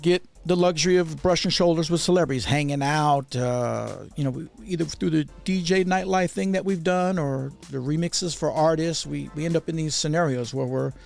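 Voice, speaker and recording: Man, podcast host, gravelly, relaxed, prompts the guest. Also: a little high, normal speed, hardly any pauses, faint music behind. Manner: relaxed, guides the talk with prompts. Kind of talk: casual podcast chat.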